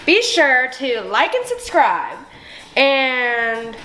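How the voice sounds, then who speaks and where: A woman's voice: sits high, big pitch swings, very slow, sharp tone. A tipsy woman hosting a casual cooking video, crude and giggly with lots of swearing. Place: home kitchen. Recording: echoey room with faint music.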